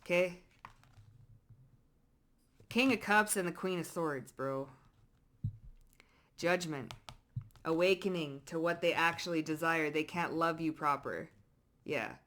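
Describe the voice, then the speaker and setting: A woman giving a casual tarot reading to her viewers, blunt and profane, swinging between loud emphatic bursts and low muttered asides. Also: slow pace, long pauses. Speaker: psychic tarot reader.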